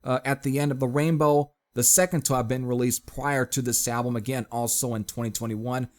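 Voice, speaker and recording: A man giving a casual spoken review of a metal album, chatting to his viewers as folks and filling pauses with uh. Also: mid-range voice, steady tone. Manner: chatty, addresses viewers as folks, frequent fillers.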